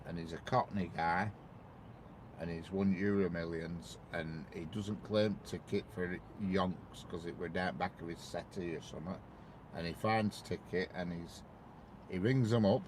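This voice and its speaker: Man, lower voice, loose rambling live-stream chat with viewers. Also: fairly even intonation, moderate pace, darkish tone, slight background noise. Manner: rambling, chatty, greets viewers by name. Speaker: train-spotting live streamer.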